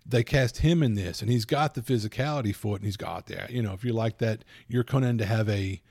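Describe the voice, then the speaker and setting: A man in casual podcast talk, his voice gravelly with fry and recorded dry and close. He rambles, jumps between asides and acts out bits of dialogue in quick put-on voices, a little foggy from allergies. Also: lowish voice, a little mellow, dry recording. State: addled by allergies. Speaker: podcast co-host. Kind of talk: casual chat.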